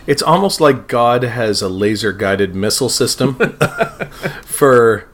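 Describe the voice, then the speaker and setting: A man's voice: medium pitch, animated, slow pace. A man co-hosting a podcast in casual chat, rambling, swearing and laughing often. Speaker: podcast co-host.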